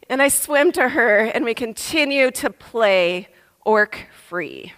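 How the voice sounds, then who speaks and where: A woman preaches slowly, telling a story with a voice that rises and falls widely. Her pitch sits a little high, and a long reverb trails each phrase through the large church hall. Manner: lively storytelling, acts out voices. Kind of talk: sermon with storytelling.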